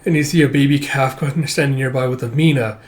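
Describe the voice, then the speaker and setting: A man talks his way through a comic read-through in a loose, rambling style full of fillers and offhand swearing. His voice sits at an ordinary mid pitch for a man. He comes across as casual and unpolished. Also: steady tone, fast. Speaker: manga read-through channel host. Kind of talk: casual reading commentary.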